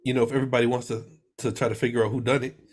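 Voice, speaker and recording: A man's voice: mid-range voice, level tone, racing. A man co-hosting a movie podcast, rambling with crude jokes and frequent restarts. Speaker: podcast co-host. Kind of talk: casual chat.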